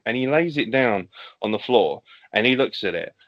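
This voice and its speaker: A man's voice: mid-range voice, animated, moderate pace. A man on a podcast, animatedly laying out a fantasy wrestling show and acting out the wrestlers' lines. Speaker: podcast guest. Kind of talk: casual podcast chat, fantasy wrestling booking. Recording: lo-fi podcast audio.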